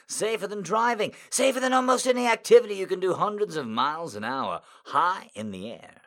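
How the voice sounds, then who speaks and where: A man's voice: sits high, expressive, a little fast, a bit bright, pitched above the performer's own voice. A man voicing a suave male airline pilot with a put-on British accent, courtly and reassuring.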